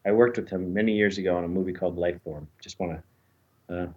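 A man's voice: low-pitched, fairly even intonation, quick pace, dull audio. A man co-hosting a podcast, chatting casually and digressively while recapping a TV episode. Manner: chatty, digressive, jokey asides. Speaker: podcast co-host.

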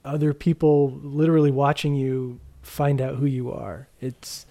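A man's voice: mid-range voice, steady tone, unhurried, warm tone. A man hosting a casual chat, mostly reacting encouragingly and adding thoughtful remarks.

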